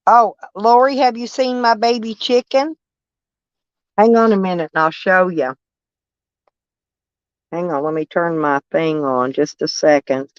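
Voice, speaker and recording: A woman's voice: fairly low pitch, measured pace, long pauses, clean tone, no room sound. An older woman with a drawl rambles through a casual live chat, folksy and blunt, swearing freely. She speaks from her camper over dull, lo-fi stream audio with a close, dry sound.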